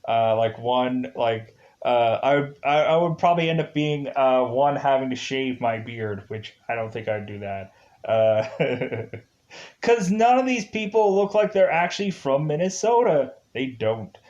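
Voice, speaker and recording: Slow, rambling man with a Midwest accent. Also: mid-range voice, lively intonation, darkish tone, highs cut off. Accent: Upper Midwest US. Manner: rambling, many fillers, chuckles to himself. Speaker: TV episode reviewer. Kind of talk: casual spoken review.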